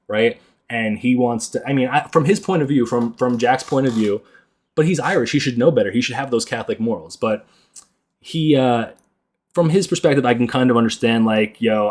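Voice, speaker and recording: A man hosting a podcast, rambling casually with lots of filler words and self-amused laughs. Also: mid-range voice. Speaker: podcast host.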